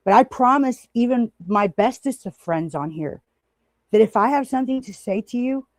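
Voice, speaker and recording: A woman's voice: fairly high pitch, expressive, moderate pace, dry recording. A woman hosting a livestream, angrily ranting at a critic with heavy swearing and greeting chatters now and then. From United States. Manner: angry, profane, confrontational, addresses viewers in chat. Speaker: livestream host. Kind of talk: heated livestream rant.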